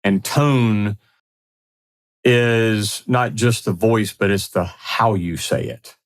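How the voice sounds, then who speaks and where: An upbeat man co-hosting a casual podcast, chiming in to agree and then expanding on the points. His voice sits on the low side and sounds relaxed and conversational. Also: takes it slowly. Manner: upbeat, affirming, builds on points. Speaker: podcast co-host.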